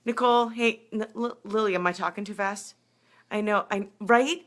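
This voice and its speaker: A hyped-up middle-aged woman coaching runners on a live stream. Her voice is bright and forceful, and her pitch sits in the middle for a woman. She talks fast and greets her viewers as she goes. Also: fairly even intonation. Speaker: running and triathlon coach. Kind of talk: live video chat with viewers.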